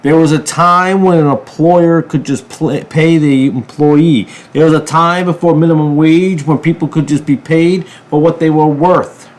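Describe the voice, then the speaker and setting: A man from a ministry channel giving a political commentary monologue, emphatic, jumping from loud bursts to low mutters. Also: steady tone, unhurried, hardly any pauses. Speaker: ministry preacher.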